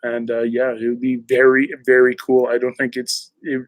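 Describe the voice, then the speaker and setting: A man's voice: medium pitch, monotone, normal speed, no room sound, low-quality recording. A man hosting a casual live-stream chat, reading viewer messages aloud and answering them in a rambling way, with many fillers and restarts.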